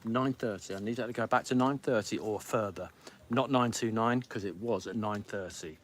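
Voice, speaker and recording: A man's voice: fairly low pitch, a little hiss or hum. A middle-aged man hosting a live podcast stream from home, grumpy and theatrical, rattling on like an auctioneer. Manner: grumpy, theatrical, pleading with viewers; rapid-fire like an auctioneer. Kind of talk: casual live-stream chat.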